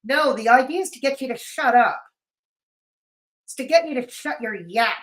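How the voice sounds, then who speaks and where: Female stream host, slightly high, sarcastic and mocking, voice a little off. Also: animated, moderate pace. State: voice feels off, sleepy. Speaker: livestream host. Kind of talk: casual livestream commentary.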